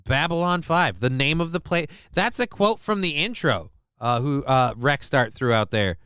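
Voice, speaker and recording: Bright, crisp-voiced sweary male streamer. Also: fairly high pitch, expressive, moderate pace, dry recording, studio quality. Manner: rambling, sweary, self-mocking. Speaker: streamer host. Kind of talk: casual live-stream chat.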